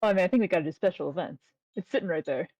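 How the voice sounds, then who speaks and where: A jokey woman chimes in quickly during a stream trivia game. Her voice is husky and fairly low, with a dry, close sound. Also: darkish tone, no room sound, lo-fi sound. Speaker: contestant.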